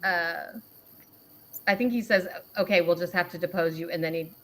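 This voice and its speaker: A woman's voice: lowish voice, moderate pace, a crowd in the background. Laughing woman host retelling a chat. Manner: laughs often while reading, animated retelling. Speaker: host reading out a message exchange. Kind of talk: casual livestream chat.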